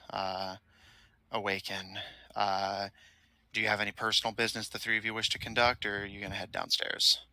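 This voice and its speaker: Bright-voiced male game master. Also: on the low side, no room sound. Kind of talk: narrating a tabletop game and voicing characters.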